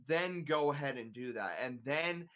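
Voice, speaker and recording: A man's voice: a little high, normal speed, fairly bright tone. A man streamer chatting casually on a podcast, giving earnest, emphatic advice with lots of filler words, over a remote voice call.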